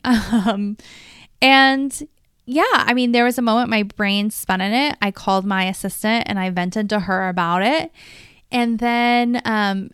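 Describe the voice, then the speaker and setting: A woman's voice: mid-range voice, clear, resonant tone, no echo. A middle-aged woman hosting her own solo podcast, talking casually and with energy as a coach, swearing freely.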